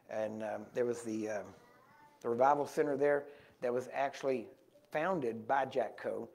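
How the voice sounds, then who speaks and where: A man preaching in a church, telling rambling anecdotes with self-corrections that grow animated, on a small wearable microphone. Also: mid-range voice. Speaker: guest preacher. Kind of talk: storytelling sermon.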